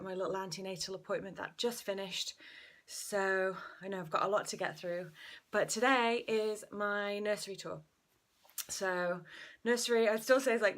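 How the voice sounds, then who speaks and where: A woman's voice: mid-range voice, a bit bright. A young woman talks through a casual home vlog update. She rambles along with fillers, a little out of breath as she goes. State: slightly out of breath. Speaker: vlog host.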